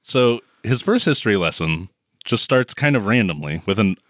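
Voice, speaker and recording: A man's voice: on the low side, animated, normal speed, a bit bright, no room sound, clean studio sound. A man co-hosting a casual movie review podcast, sarcastic and profane, laughing often and mocking the film. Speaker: podcast co-host.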